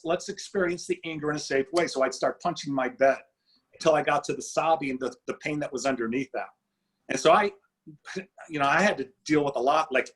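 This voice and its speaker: A middle-aged man telling his story in an interview, animated and acting out quoted dialogue. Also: fairly high pitch, husky, low-quality recording. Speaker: guest speaker.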